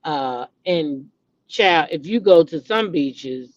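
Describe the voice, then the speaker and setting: A middle-aged woman hosting a casual celebrity gossip vlog, talking to her viewers in an animated, dramatic, chatty way. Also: deep voice, slow, dry recording. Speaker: vlogger, show host. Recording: dull lo-fi recording.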